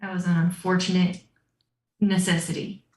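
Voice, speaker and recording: A man's voice: sits high, little pitch movement, moderate pace, darkish tone, echoey room, a little hiss or hum, close to an everyday voice, rough recording. A woman voicing a guarded male bandit second-in-command in a put-on Southern drawl, firmly setting terms. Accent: attempted Southern US. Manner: firm, bargaining, gives orders.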